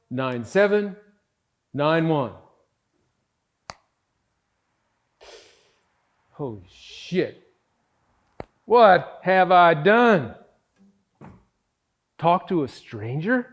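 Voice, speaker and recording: An actor playing a sardonic, anxious man who swears and talks to himself while looking for therapy in a solo musical drama. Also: high voice. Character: wry, anxious, struggling man seeking therapy. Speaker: solo stage performer.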